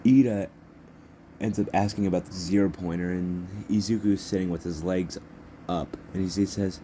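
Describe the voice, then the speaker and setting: A man's voice: low-pitched, fairly even intonation, moderate pace, warm tone, a little hiss or hum. A young man improvising a fan story as narrator, rambling and correcting himself as he goes.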